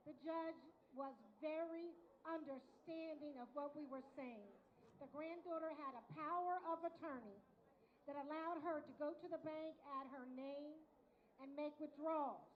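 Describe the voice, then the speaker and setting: A woman's voice: high-pitched, lo-fi sound. A woman speaking at a luncheon from a microphone, chatty and talking straight to the audience. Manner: chatty, addresses the audience directly. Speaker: event speaker for a prosecutor's office unit. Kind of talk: speech at a luncheon. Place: large hall at a luncheon event.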